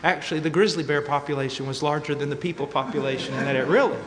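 A man's voice: on the high side, steady tone, rapid-fire, noisy background. Impassioned preacher man in a big hall. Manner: impassioned, rising to shouted peaks. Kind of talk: sermon storytelling. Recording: reverberant hall with faint ambience.

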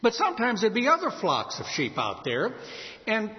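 A man's voice: high-pitched, wildly swooping pitch, moderate pace, big-room sound, dull audio. A man from New Orleans preaching a sermon, telling stories and acting out sing-song calls. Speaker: pastor.

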